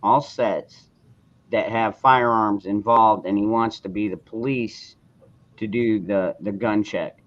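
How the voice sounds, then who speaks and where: A man's voice: fairly low pitch, fairly even intonation, slow pace. A man hosting a casual live chat forum, talking bluntly and rambling, with frequent swearing. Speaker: host of a call-in forum. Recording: dull lo-fi sound.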